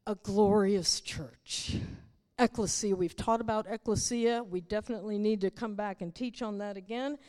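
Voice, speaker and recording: A woman's voice: medium pitch, a little mellow, long reverb tail. A woman preaching a sermon, teaching the congregation and asking them rhetorical questions.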